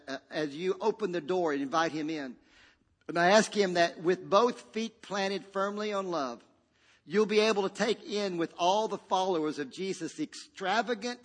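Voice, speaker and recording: A male pastor preaching a sermon, swinging between loud, shouted peaks and hushed, quiet passages, and calling on the congregation to repeat after him. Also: on the high side. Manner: dynamic preacher with sudden shouts and hushed drops, call-and-response. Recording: long reverb of a large hall.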